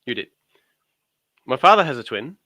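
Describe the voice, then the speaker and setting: Male guest, joking storyteller, sharp bright tone. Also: medium pitch, very animated, moderate pace, dry recording. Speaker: guest on his wife's craft channel. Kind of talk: casual chat.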